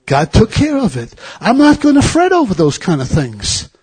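A middle-aged man with a husky, slightly raised voice preaches to his congregation. He tells a personal travel story in an easy, anecdotal way, then presses his point home with fervent repeated questions. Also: high-pitched, wildly swooping pitch, normal speed, a little mellow. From United States. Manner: anecdotal, rising to fervent exhortation. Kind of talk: storytelling sermon.

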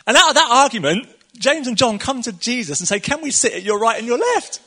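A man's voice: extremely high pitch, very animated, fairly quick, bright, forceful tone, breathy edge. A man preaching a casual sermon, chatty and conversational, laughing often and acting out the quotes.

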